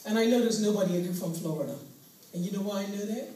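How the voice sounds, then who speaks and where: A woman performing a stand-up comedy routine, animated in her storytelling and laughing at her own lines. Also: medium pitch, fast. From Bermuda. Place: live comedy venue. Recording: very echoey room, distant mic, faint hiss.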